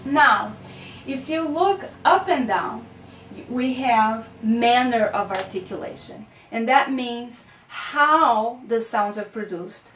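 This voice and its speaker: A woman's voice: on the high side, fairly bright tone, a little hiss or hum. A woman teaching a recorded phonetics lesson, explaining patiently and checking in with "okay?" and "right?".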